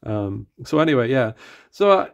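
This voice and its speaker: A man's voice: medium pitch, big pitch swings, normal speed, creaky, dull audio. A middle-aged man with an Atlantic Canadian accent, reviewing a pen in a casual, rambling way full of fillers and restarts, sometimes drifting from the mic.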